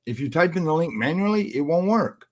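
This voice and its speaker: A man's voice: fairly high pitch, lively intonation, brisk. A man joining a livestream chat, friendly and laid back, calling others brother. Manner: friendly, calls people brother. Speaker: guest on a livestream. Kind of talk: casual chat.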